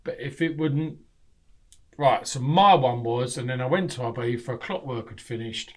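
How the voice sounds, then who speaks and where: A middle-aged Englishman guesting on a podcast, telling his stories with animated energy. He swears freely and acts out the voices of people in his tale, in an ordinary mid-pitched voice. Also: normal speed. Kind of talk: candid storytelling.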